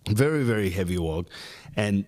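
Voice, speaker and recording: A man's voice: fairly low pitch, expressive, moderate pace, a little mellow. An Australian man hosting a podcast, telling a rambling, slang-filled story in casual chat. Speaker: podcast host.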